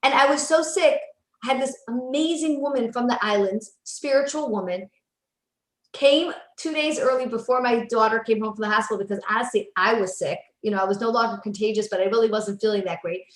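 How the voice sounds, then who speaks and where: A woman in her fifties, a psychologist guest, telling stories in a casual, animated way and often restarting her sentences. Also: a little high. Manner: animated storyteller, quick restarts. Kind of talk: casual interview chat. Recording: roomy echo.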